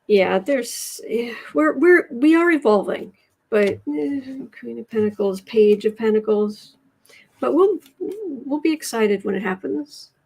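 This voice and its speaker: A woman from the United States hosts a laid-back tarot livestream, chatting and restarting sentences while she reads cards and the chat. Her fairly high voice is creaky and dark, with a breathy edge.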